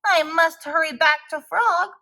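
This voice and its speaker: A woman voicing a frantic male toad covered in melting ice cream, crying out in high panic. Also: a little slow, pushed and bright, full character voice. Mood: panicked.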